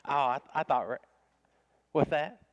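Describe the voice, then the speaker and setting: A man's voice: medium pitch, a little slow, dry recording, dull audio. A man teaching a casual Bible study class, talking conversationally with frequent restarts and small chuckles.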